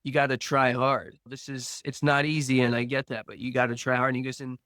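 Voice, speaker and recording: A man speaks at an unhurried pace, earnestly recounting a personal story and voicing the lines of the people in it. His voice sits at an ordinary middle pitch, recorded close and dry with no room sound. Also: little pitch movement, fairly bright tone, no echo. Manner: earnest, slow storytelling with reenacted dialogue. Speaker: podcast guest.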